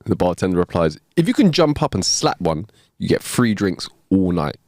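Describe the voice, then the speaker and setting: A man's voice: sits low, big pitch swings, normal speed, a little mellow, no room sound, studio quality. A man co-hosting a comedy podcast, laid-back and wry as he tells a joke. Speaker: podcast co-host. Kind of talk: casual comedy chat.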